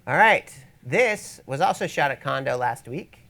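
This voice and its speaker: A man's voice: on the high side, animated, a little slow, vocal fry, a bit bright. A man presenting a photography workshop in a casual teaching style, with wry, rambling asides, speaking in an event space to an audience. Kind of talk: casual instructional talk.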